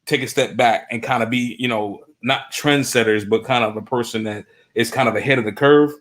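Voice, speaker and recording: A man from the US East Coast, chatting as a roundtable guest, halting and searching for words with many fillers. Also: medium pitch, fairly even intonation, a bit bright. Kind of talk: casual chat.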